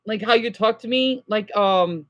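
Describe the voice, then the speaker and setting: A woman's voice: medium pitch, measured pace, muffled recording. A woman livestreaming, chatting loosely with her viewers and answering their messages, with lots of "you know" and restarts. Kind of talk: casual live chat.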